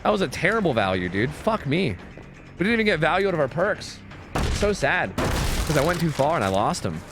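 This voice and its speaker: Profane, animated male gaming streamer. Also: on the high side, brisk, over music. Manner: profane, ranting, chatty with viewers. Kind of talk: casual live-stream commentary.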